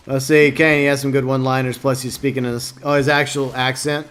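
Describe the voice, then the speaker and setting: A man's voice: medium pitch, level tone, fairly quick, few pauses, fairly bright tone, faint music behind. A man chatting casually during a live game stream, answering viewers and joking in a mock-whiny way.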